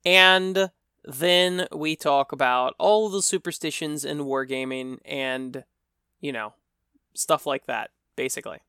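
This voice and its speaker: A man's voice: on the high side, takes it slowly, pushed and bright, smooth, no room sound, clean studio sound. A man hosting a casual solo podcast, telling a story in a chatty, rambling, wry way. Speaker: podcast host.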